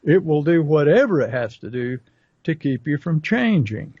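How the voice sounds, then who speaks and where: Man, business coach on a podcast, folksy and chatty, somewhat high pitch, dull close-miked audio. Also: big pitch swings, normal speed, darkish tone, no echo. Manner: folksy storytelling with acted asides. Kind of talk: casual podcast talk.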